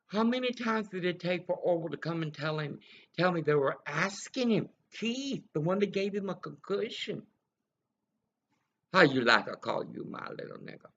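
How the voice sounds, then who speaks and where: A woman's voice: deep voice, fairly bright tone, dull audio. A woman ranting angrily and bitterly in a rambling monologue that jumps between accusations.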